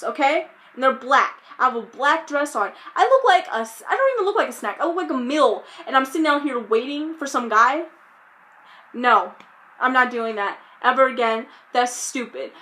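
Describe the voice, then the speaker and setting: Young woman, storytime vlog, bright and high voice, animated, exasperated retelling. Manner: animated, exasperated retelling with quoted self-talk. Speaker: vlogger.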